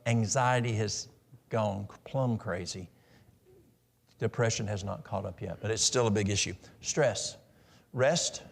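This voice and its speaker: A man's voice: medium pitch, gravelly. A middle-aged man giving a practical, story-filled health talk at a church in a folksy manner. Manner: folksy, practical, tells stories.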